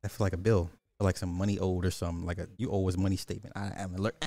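A man's voice: sits low, little pitch movement, rapid-fire, mellow, slight background noise. A middle-aged man hosting a livestream, ranting bluntly and with profanity in casual commentary, repeating his points for emphasis. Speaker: livestream host.

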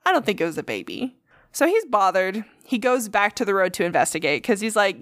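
A woman's voice: mid-range voice, very animated, fast talker, a bit bright, dry recording, clean studio sound. A woman co-hosting a podcast, telling a story in casual, profane chat and acting out the quotes. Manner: profane, chatty, acts out quotes. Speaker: podcast co-host.

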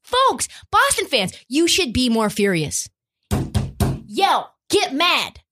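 A woman's voice: high-pitched, huge pitch swings, slow pace, background noise. A woman hosting a sports podcast, giving opinionated commentary in an emphatic, swearing, ranting way.

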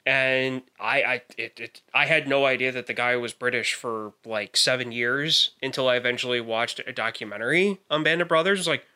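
A man's voice: mid-range voice, brisk, hardly any pauses, pushed and bright, smooth. A man co-hosting a podcast, talking casually about a film, rambling and restarting his sentences. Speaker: podcast co-host. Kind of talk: casual chat.

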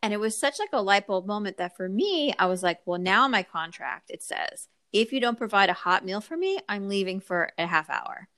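A woman wedding photographer telling a story in a casual podcast chat, animated and acting out the people she quotes. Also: mid-range voice, brisk, few pauses.

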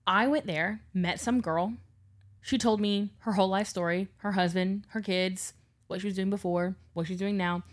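A young woman co-hosting a podcast, chatting casually and telling animated stories, acting out the people she quotes and swearing freely. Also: medium pitch, moderate pace. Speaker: podcast co-host. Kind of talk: casual chat.

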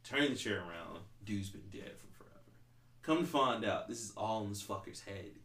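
Here a podcast host with a lowish, fairly bright voice talks briskly with lively intonation. The casual chat is rambling and profane, full of "like," and picked up with roomy echo.

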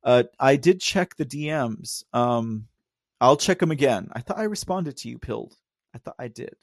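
A man's voice: mid-range voice, expressive, moderate pace, no echo, clean studio sound. A man with a Texan drawl hosting a casual live stream, rambling, laughing often and talking straight to his chat. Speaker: livestream host.

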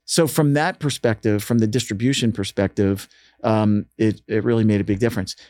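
In a lowish voice, slightly fast, this radio station staffer recounts his work as an interview guest, animatedly raising his voice to act out quotes. The conversation is casual. The sound is clean studio audio with no room sound.

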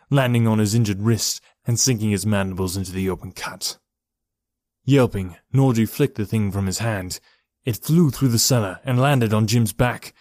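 A man giving a steady, measured reading of a horror story as narrator. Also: lowish voice, no echo, studio quality. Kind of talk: scripted horror audiobook narration.

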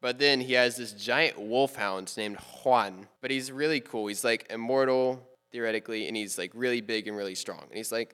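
A man's voice: mid-range voice, normal speed, hardly any pauses, a bit bright, clear, resonant tone, long reverb tail. A young man on a podcast, casually retelling a story in a rambling, playful way with quoted asides. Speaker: podcast co-host.

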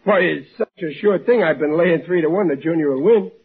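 An actor playing a blustering, boastful working-class father with a husky, raspy voice, stammering through 1940s radio comedy. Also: on the high side, brisk. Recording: lo-fi old radio recording.

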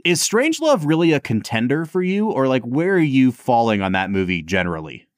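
A man's voice: mid-range voice, sing-song, a little fast, no room sound, clean studio sound. A man co-hosting a podcast, chatting casually about films with lots of fillers. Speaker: podcast co-host.

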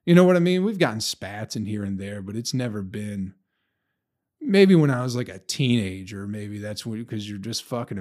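With a darkish tone and a voice on the low side, this comedian rambles through a casual, foul-mouthed podcast monologue on his own, cracking himself up over his stories.

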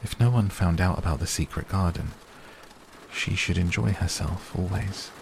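A man softly reading a bedtime audiobook in a calm, even way. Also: sits low, normal speed, vocal fry, a little hiss or hum. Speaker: audiobook narrator. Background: rain sounds.

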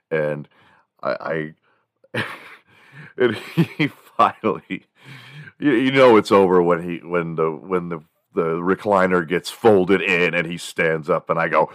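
Man, extremely low voice, animated storyteller, dry close sound. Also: a little slow, dry recording. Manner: animated, mimics sounds and voices, chuckles while telling stories. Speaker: podcast host. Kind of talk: casual storytelling monologue.

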